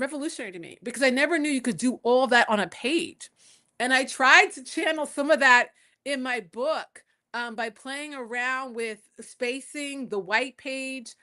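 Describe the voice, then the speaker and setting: A woman guest on an interview podcast with a bright, forceful voice pitched a little high. She answers in a loose, conversational way and tells stories, slipping into the voices of the people she quotes. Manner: storytelling, acting out quoted voices. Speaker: poet and scholar guest. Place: home in Puerto Rico.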